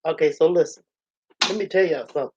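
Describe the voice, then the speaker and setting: Talking fast in a low register over a noisy background, this livestream host chats with viewers from her room at home. Her stories wander casually, peppered with "you know," "y'all," and side remarks to her audience, and her manner is frank and earthy.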